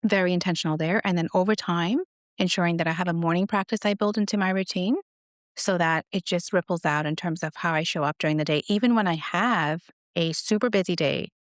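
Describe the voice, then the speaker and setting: A woman's voice: lowish voice, fairly quick, no room sound, studio quality. A middle-aged woman, a guest author, telling stories in an earnest, reflective way during an interview. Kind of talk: conversational interview.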